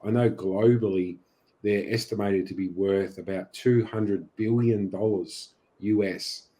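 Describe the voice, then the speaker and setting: An Australian man, a beekeeper being interviewed on a podcast, speaking casually and haltingly with many fillers. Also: on the low side, fairly even intonation, dark tone. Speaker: beekeeper guest.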